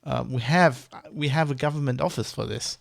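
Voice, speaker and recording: A man's voice: medium pitch, moderate pace, creaky, dry recording, studio quality. A man with a mother tongue, ranting in a casual vlog, rambling and heated, with many restarts and swearing. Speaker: vlogger. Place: Germany.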